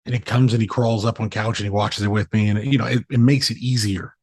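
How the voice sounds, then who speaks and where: A man in his thirties, co-hosting a casual podcast, telling animated stories and swearing freely. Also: lowish voice, fast, slightly rough, no room sound. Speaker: podcast co-host. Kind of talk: casual chat.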